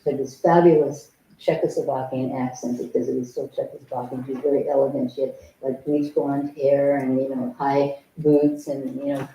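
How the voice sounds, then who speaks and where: An older woman, a Zen teacher, gives a dharma talk in a temple meditation hall, telling a personal story frankly and with humor and acting out remembered dialogue. Her bass voice is mellow, level and moderately paced. Recorded from a distance in the echoey hall, it carries a little hiss or hum.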